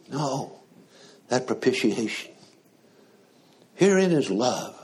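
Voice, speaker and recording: A man preaching a sermon in a slow, conversational way, often asking the congregation questions. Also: medium pitch, a little mellow, husky.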